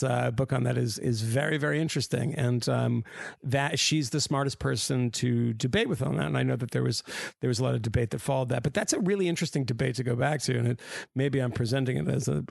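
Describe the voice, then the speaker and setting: Male podcast co-host, mid-pitched and very gravelly, loose wry storyteller. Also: a little mellow, dry recording, studio quality. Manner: wry, rambling storyteller who laughs at his own anecdotes. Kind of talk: casual panel chat.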